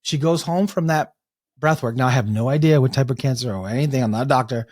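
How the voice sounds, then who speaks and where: Animated storytelling man, dry sound. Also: medium pitch, quick pace, no echo. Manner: animated storyteller, restarts and acts out quotes. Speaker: guest, breathwork coach. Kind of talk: storytelling in an interview.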